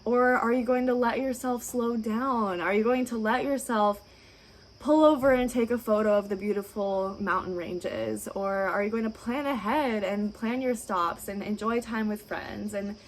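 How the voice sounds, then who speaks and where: A woman speaking as a registered dietitian, her voice sitting a little high as she offers advice directly to the camera. She sounds encouraging and reassuring, and she keeps asking rhetorical questions. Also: moderate pace, low-quality recording.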